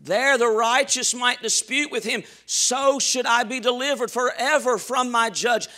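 A male pastor preaching a sermon with passion, swinging from shouts to soft, quiet asides. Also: very high-pitched, fairly even intonation, unhurried. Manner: impassioned preaching with shouts and sudden soft drops.

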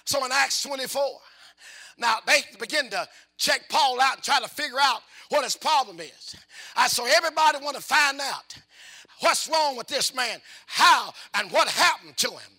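A middle-aged man preaching a call-and-response sermon. He talks in a folksy, repetitive way, questions the congregation, and swings between hushed asides and fervent shouting. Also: extremely high pitch, lively intonation, moderate pace.

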